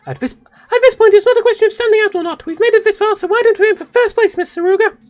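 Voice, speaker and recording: A man with an English accent voicing a squeaky, excitable young anime ship girl in a silly falsetto while reading game dialogue. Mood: eager. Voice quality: shrill, over-the-top falsetto. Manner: deliberately silly high-pitched voice. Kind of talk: game dialogue read-along on stream. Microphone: streaming microphone.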